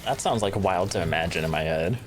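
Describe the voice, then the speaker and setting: A man's voice: deep voice, a little fast, heavy background noise. A young man chatting casually while gaming, laid-back as he explains game mechanics. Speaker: gamer. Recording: music playing behind.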